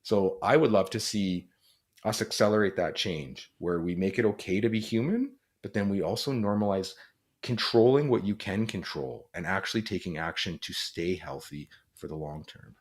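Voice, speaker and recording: A man with a fairly low voice talks as an interview guest. He is earnest and reflective, and his speech is peppered with "like" and restarts. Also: normal speed. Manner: earnest, reflective, frequent "like" fillers. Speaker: guest, former police officer and author. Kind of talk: conversational interview.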